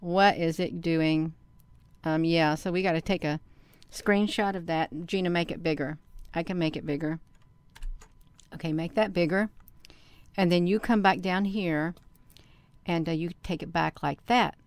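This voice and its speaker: A woman hosting a casual screen-share video, talking to herself by name and to her viewers, and breaking into loud excited exclamations. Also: fairly low pitch, measured pace, clear, resonant tone, no room sound. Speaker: channel host.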